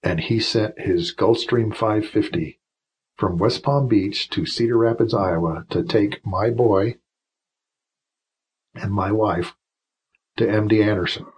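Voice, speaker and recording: A retired officer in his fifties tells long stories as a podcast guest, wandering through asides and restarts and turning emotional. His voice sits low. It has a husky, slightly rough grain. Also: slow pace, long pauses, poor audio. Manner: rambling, emotional anecdotes with many restarts. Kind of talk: storytelling in a casual interview.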